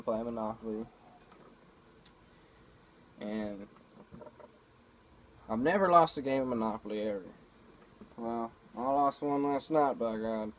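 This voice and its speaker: A laid-back man rambles to his camera at home, trading everyday stories peppered with fillers and swearing. His voice sits at a middling pitch, with a faint hum underneath. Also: darkish tone, low-quality recording. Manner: laid-back, profane, storytelling with many fillers. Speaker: vlogger. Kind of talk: casual rambling monologue. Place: home, indoors.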